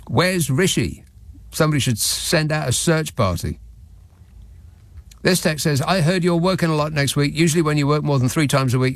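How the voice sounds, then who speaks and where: A man's voice: medium pitch, dry recording. A man hosting a late-night radio phone-in, talking in a dry, sardonic, mock-indignant way.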